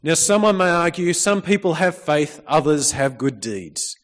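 A man's voice: on the high side, a little slow. A man preaching a sermon in a church, reading scripture and calling out for amens from the congregation. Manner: lively, calls out for amens, reads scripture. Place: church hall. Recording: long reverb of a church hall.

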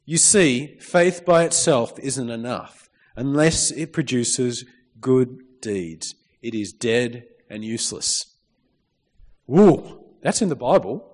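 A man with a medium-pitched voice preaches slowly but lively in a church hall, reading scripture and calling out for amens from the congregation. The recording carries the long reverb of the hall.

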